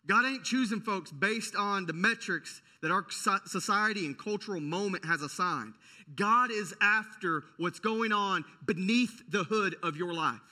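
Man, pastor, high voice, sharp and bright, energetic conversational sermon. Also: unhurried. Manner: energetic, conversational preaching with many restarts.

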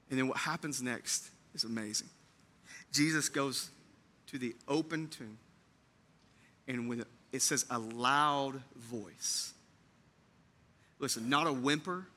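A man preaching an Easter sermon to his church, moving between hushed, tender lines and loud, fervent build-ups, repeating phrases for emphasis. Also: a little high. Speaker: pastor. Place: church sanctuary.

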